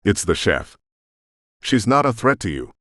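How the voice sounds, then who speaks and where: A man's voice: fairly low pitch, sing-song, unhurried, a bit bright, no room sound, studio quality, exaggerated voice. A man voicing a nervous male boat captain who tries to placate his captors.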